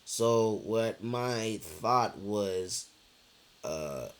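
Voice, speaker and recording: A man's voice: fairly low pitch, animated, extremely slow, slight background noise. A young man telling a personal story in a loose, rambling way, repeating himself, with lots of fillers and swearing. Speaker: vlogger. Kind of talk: casual storytelling chat.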